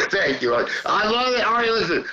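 A man's voice: sits high, very animated, moderate pace, bright, forceful tone, dull audio. A man who is a weekly guest, rambling through stories in a profane, chuckling way. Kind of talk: casual rambling storytelling.

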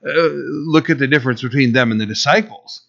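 A man's voice: mid-range voice, a little fast, vocal fry, a bit bright, highs cut off. A man preaching a sermon in a conversational way, sometimes acting out the voices of Bible figures. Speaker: pastor.

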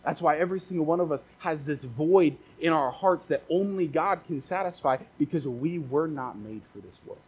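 A man's voice: on the high side, moderate pace, few pauses, a little mellow, a little hiss or hum, poor audio. A man preaching a casual, conversational sermon as a pastor, repeating phrases for emphasis and dropping joking asides.

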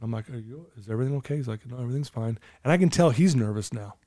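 A man's voice: medium pitch, rapid-fire, dark tone, no echo, studio quality. A middle-aged man telling a personal story in casual conversation, earnestly acting out the dialogue. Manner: earnest, acts out quoted dialogue. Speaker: guest telling his story.

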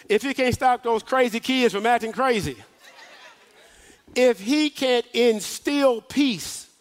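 A man, a minister, preaching a sermon in rising repeated questions that slow down and swell to shouts at the peaks. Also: very high-pitched.

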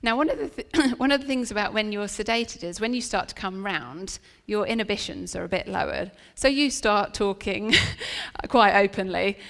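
A woman's voice: medium pitch, moderate pace, creaky, fairly bright tone. A woman preaching a sermon in a church venue, telling a personal story in an earnest, chatty way with frequent restarts. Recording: long reverb of a church hall.

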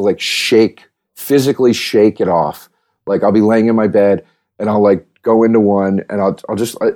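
With a lowish, dark-toned voice, a man hosts a podcast in a loose, rambling monologue. He restarts sentences often and uses lots of fillers, leaning heavily on "like."

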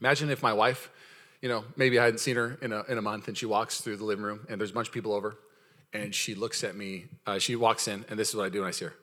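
A man preaching a sermon as pastor, energetic and playful, calling out to the congregation and acting out the voices in his stories. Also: fairly low pitch, fast. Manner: energetic, playful preaching with audience call-outs; acts out quoted voices in storytelling.

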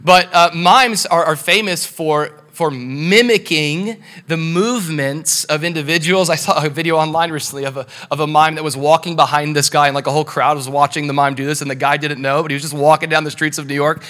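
A male pastor giving a casual, animated sermon, often asking the congregation rhetorical questions. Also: fairly high pitch, a little fast. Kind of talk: conversational sermon.

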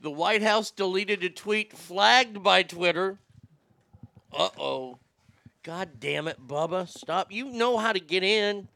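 A man's voice: high voice, takes it slowly, vocal fry, bright, forceful tone, no room sound. A man hosting a crude, sarcastic political commentary show, swearing and mocking as he reads the news. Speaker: show host.

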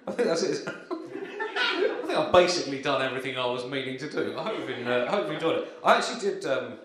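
A man doing a deadpan stand-up comedy set at a live gig, with dry humour, hesitant ums and frequent chuckles. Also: a little high, fast talker, a crowd in the background. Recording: very echoey room with clear ambience.

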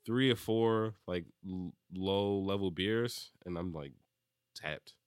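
A man's voice: low voice, takes it slowly, clean tone, no echo, clean studio sound. A young man telling a rambling drunk story in casual chat, laughing often and filling with "like.".

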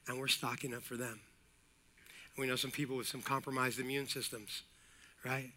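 A middle-aged man preaching a sermon as pastor, energetic and repetitive, with jokey asides and calls of amen. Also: medium pitch, normal speed.

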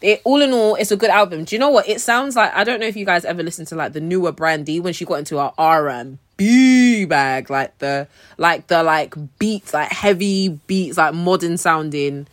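Young woman on a podcast, slangy and animated, dry sound. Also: lowish voice, normal speed, dry recording. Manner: animated, slangy, mimics others. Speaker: podcast co-host. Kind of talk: casual chat.

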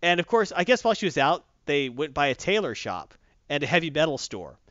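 A man's voice: fairly high pitch, sing-song, fairly quick, fairly bright tone, no room sound. A man hosting a comics podcast, rambling and chatty with lots of fillers, recorded dull and lo-fi. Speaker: comic book podcast host. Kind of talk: casual chat.

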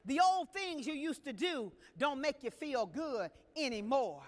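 A woman's voice: high voice, sing-song, measured pace. A woman preacher delivering a sermon to a congregation with emphatic, questioning delivery. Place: church sanctuary. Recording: long reverb of a large hall.

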